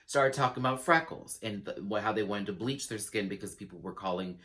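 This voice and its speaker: A man giving a casual, sassy review of a show, acting out quotes in dramatic voices and laughing often. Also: brisk. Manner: sassy, animated, acts out quotes with big pitch jumps.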